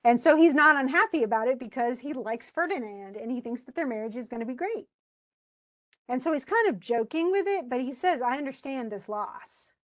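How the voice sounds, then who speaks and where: A woman's voice: high-pitched, a little fast, rough recording. A woman teaching a play in a casual lecture, reading quoted verse and then retelling it in plain, chatty words. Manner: animated, uses fillers and restarts. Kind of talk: casual lecture, paraphrasing and quoting lines.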